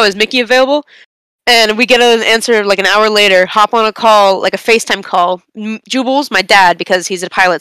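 A young woman on a casual podcast, telling a long story in an animated, rambling way with bursts of laughter. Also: mid-range voice, clean tone, no echo. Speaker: podcast co-host.

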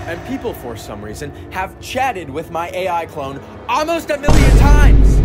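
A young man making a comedy vlog, hyper, shouty and theatrical. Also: on the high side. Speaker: comedy YouTuber.

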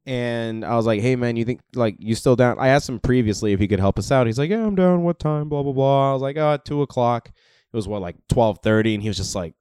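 Casual podcast co-host, man, clear resonant voice, animated storyteller. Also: mid-range voice, fast, dry recording, clean studio sound. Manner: animated, swearing, acts out quoted voices.

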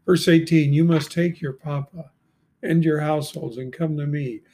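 A man in his seventies reading scripture aloud slowly and deliberately, adding brief asides of commentary. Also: on the high side, fairly even intonation, dark tone. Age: 70s. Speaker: Bible reader and commentator.

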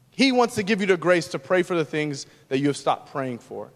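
A man pastor preaching a sermon, moving between loud, emphatic lines and hushed, quiet ones. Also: fairly high pitch, a little fast, big-room sound.

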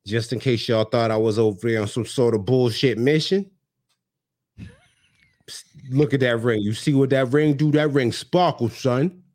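A man's voice: mid-range voice, moderate pace, a little mellow, natural voice. A man putting on the voice of a brash woman flaunting her engagement ring, in swaggering street slang. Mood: boastful.

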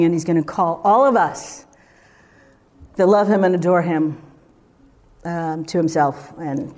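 A woman's voice: fairly low pitch, a little slow, long pauses, a little mellow. A woman preaching a sermon in a conversational, emphatic way, full of rhetorical questions.

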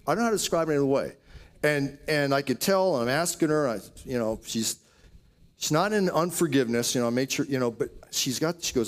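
A man's voice: medium pitch, expressive, a little fast. A man preaching a sermon, telling healing stories in a storytelling way with quoted asides. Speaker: pastor. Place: church auditorium.

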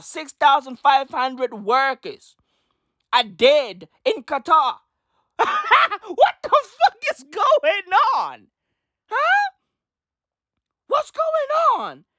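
A brash young woman rants in an emphatic, slang-heavy comedic style and keeps hammering the same lines. Her fairly high voice swoops up and down all the time. The sound is dry and close. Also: a bit bright, no room sound. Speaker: comedic ranter. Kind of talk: profane comedic rant to camera.

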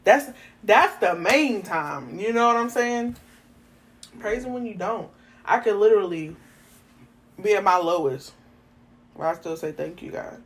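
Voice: medium pitch, expressive, measured pace, long pauses, a bit bright. A co-host in casual faith talk, speaking earnestly and often adding "you know what I'm saying".

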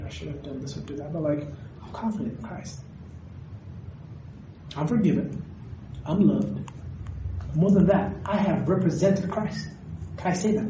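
A man preaching a sermon, animated and questioning his audience directly. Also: a little high, noisy background. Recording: echoey hall recorded from a distance.

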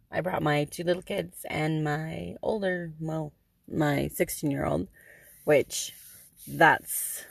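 A woman's voice: deep voice, gravelly, no room sound. A middle-aged woman telling a story as a podcast host, in a chatty way with many ums and dry sarcasm. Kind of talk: casual storytelling.

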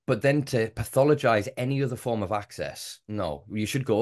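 Man, fairly low voice, podcast host, impassioned, swears a lot, rambling rants. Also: normal speed, few pauses. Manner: impassioned, swears freely, long run-on rants. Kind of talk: casual podcast conversation.

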